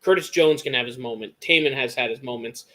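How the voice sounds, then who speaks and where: A young man with an American Midwest accent co-hosting a casual sports podcast, talking excitedly and rambling with lots of restarts. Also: medium pitch, brisk. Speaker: podcast co-host.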